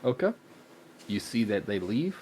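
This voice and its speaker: A man as game master, setting scenes in a steady, matter-of-fact way. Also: on the low side, a little slow, slight background noise. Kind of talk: narrating a tabletop game.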